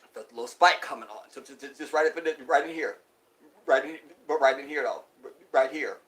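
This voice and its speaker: Preachy livestream guy on his phone, goes loud then whispers, y'all this y'all that. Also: on the high side, fairly quick. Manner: preachy, addresses viewers as y'all; swings from loud outbursts to near whispers. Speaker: livestream host. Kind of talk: live streamed commentary.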